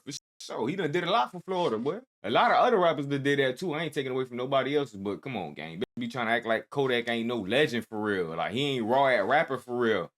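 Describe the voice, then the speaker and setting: Animated man riffing in slang. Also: mid-range voice, fast talker, hardly any pauses. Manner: animated slang-heavy banter, bursts of disbelief. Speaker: reaction video host. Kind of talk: casual reaction commentary.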